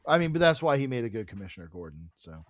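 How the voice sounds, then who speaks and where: A man co-hosting a podcast, retelling a comic book's plot in animated bursts and swearing freely. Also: lowish voice, very fast, no room sound. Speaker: podcast co-host. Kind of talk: casual comic book discussion.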